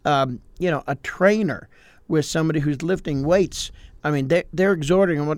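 Brief: older male pastor co-host, higher-pitched voice, dry close sound, acts out quotes. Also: normal speed, no echo. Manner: explains with acted-out quotes, animated. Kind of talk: casual podcast chat.

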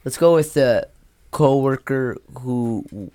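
This podcast co-host, a man with a medium-pitched, mellow voice, speaks slowly while telling friends a story he heard secondhand. He rambles and laughs his way through it. There's no room sound.

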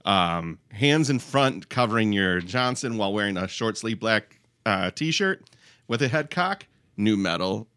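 A man's voice: fairly low pitch, lively intonation, a little slow, fairly bright tone, smooth, no room sound, studio quality. A man co-hosting a music podcast, joking playfully about band photos. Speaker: podcast co-host. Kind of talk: casual chat.

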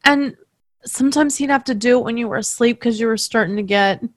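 A woman working as a medium, tenderly recounting a reading to the person she read for, emotional and halting. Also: fairly high pitch, no room sound.

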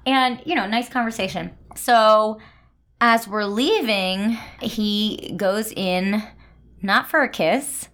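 With a mid-range, fairly bright voice, this podcast co-host takes her time. Her talk is a mix of playful, casual chat and frank storytelling about her own life.

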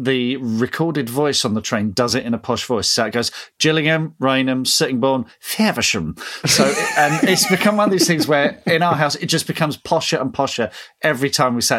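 Guy cohosting, rambling chatty storytelling, keeps laughing and restarting, mid-pitch voice. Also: fairly bright tone. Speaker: podcast co-host. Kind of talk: casual podcast chat.

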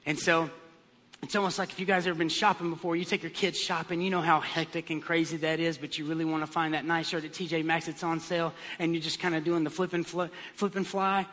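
Animated man preaching in a reverberant hall. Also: fairly high pitch, fast. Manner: animated storytelling with comic voices. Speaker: pastor. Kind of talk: sermon.

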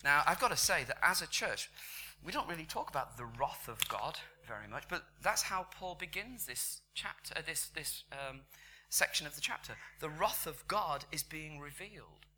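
A man delivers a sermon in a conversational way, sometimes dropping to a near-whisper and then building to loud, emphatic peaks. His voice sits a little high and sounds very bright. A faint hum runs under the recording. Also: expressive, normal speed, few pauses. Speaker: preacher. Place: church.

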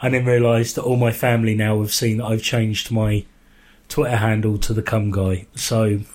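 A man's voice: fairly low pitch, level tone, normal speed, darkish tone. A man co-hosting a podcast, chatting casually with a dry, teasing, sweary manner. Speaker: podcast co-host. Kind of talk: casual chat.

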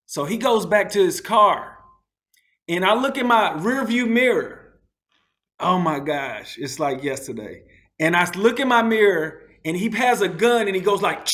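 A man telling stories in a relaxed conversation, acting out the people he quotes in a raised, excited voice. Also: sits high, normal speed. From United States. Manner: animated, acts out quotes in a raised voice. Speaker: guest. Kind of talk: casual storytelling.

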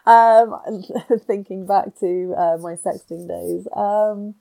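A woman's voice: medium pitch, steady tone, takes it slowly, gravelly, dark tone. A woman co-hosting a podcast in casual chat, with a stuffy nose from a cold and a giggly, self-deprecating manner. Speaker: podcast co-host.

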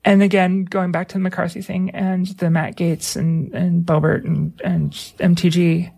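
A woman co-hosting a radio talk show, chatting casually with halting restarts and easy laughter. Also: on the low side, level tone, creaky, dark tone, slightly rough. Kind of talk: casual on-air chat.

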